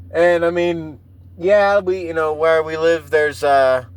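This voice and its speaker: High-voiced profane man in his thirties. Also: steady tone, takes it slowly, clear, resonant tone, low-quality recording. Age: 30s. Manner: profane, rambling, laughs at himself. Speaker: podcast host. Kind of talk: casual solo podcast rant.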